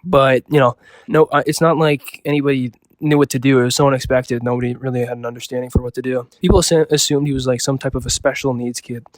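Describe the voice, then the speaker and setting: A young man spins a loose, improvised story in a mid-pitched voice, leaning constantly on "like" and "you know." The sound is dry and close, with no room echo. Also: fairly even intonation, quick pace. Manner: rambling, full of "like" and "you know" fillers, loose and offhand.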